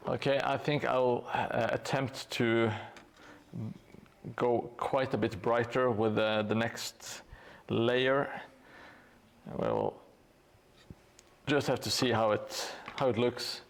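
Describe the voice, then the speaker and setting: A man talks casually on a live stream as he paints, his voice gravelly with fry. His delivery stays flat and even, and he rambles and pokes fun at himself. He leans on fillers and restarts. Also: mid-range voice, slow pace. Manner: rambling, self-mocking, many fillers and restarts. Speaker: streamer building a tabletop terrain board. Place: hobby workspace at home.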